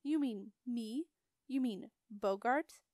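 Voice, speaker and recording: A woman voicing a grumpy male marsh creature with a deep, gurgling voice and a broad marshland drawl, dropping word endings. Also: takes it slowly, a little mellow, dry recording, clean studio sound. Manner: grumbling, clipped dropped endings.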